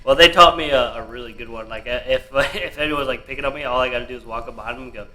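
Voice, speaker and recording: A young Southern man chats on a casual podcast, laughing often and cussing easily. His voice is bright and forward, at a middle pitch. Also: fast talker. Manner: chatty, laughing often, swearing freely. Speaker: podcast co-host.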